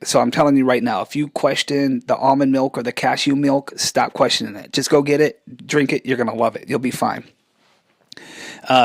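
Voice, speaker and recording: A man's voice: medium pitch, dry recording, clean studio sound. A man in his forties hosting a podcast, rambling through a casual rant, chatty and loose, often trailing off and restarting. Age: 40s. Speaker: podcast host.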